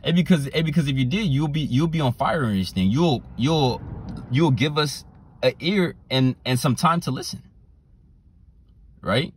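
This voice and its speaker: A man preaching a sermon, repeating his phrases and reading scripture verses slowly and deliberately. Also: a little high, lively intonation, husky. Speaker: street preacher.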